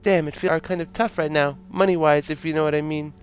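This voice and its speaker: A man's voice: fairly high pitch, steady tone, fast talker, faint music behind, voice pushed up, natural voice. A man voicing a brash, streetwise woman who haggles over a taxi fare in a game read-through. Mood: pushy. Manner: pushy and wheedling.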